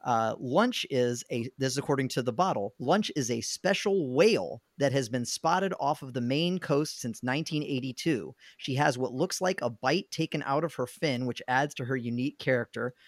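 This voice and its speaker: An upbeat, talkative man chats as a podcast panelist and laughs easily. His voice sits at a middle pitch. The sound is dry and close. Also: lively intonation, moderate pace, few pauses, no room sound. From Alabama, USA. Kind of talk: casual podcast chat.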